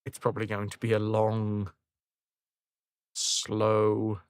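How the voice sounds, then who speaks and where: A man's voice: on the low side, completely flat delivery, slow pace, clean tone, dry recording, studio quality. A man casually commentating on a game during a live stream, chatting with viewers and swearing when things go wrong. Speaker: livestream gamer.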